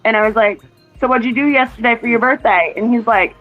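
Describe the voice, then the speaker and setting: A woman's voice: on the high side, fast talker, narrow, tinny audio, soft background music. A woman in casual chat, rambling through a family story and quoting what others said, heard over a phone. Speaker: mother chatting with a relative.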